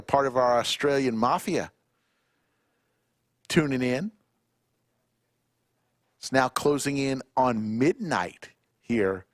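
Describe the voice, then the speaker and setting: A man hosting a live poker stream in a poker room, chatting casually and reading out viewer shout-outs one by one. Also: mid-range voice, dry recording, clean studio sound. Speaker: poker livestream commentator.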